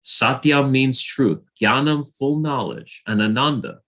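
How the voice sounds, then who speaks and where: A man reading scripture aloud slowly and deliberately in an online study group, heard over a video call. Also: mid-range voice, expressive, bright, forceful tone.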